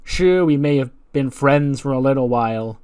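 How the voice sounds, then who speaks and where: A man's voice: mid-range voice, normal speed, darkish tone, smooth, close to an everyday voice. A man voicing a tough, dismissive female wrestler turning someone away. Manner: blunt, firm. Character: blunt tough woman wrestler, cold and dismissive.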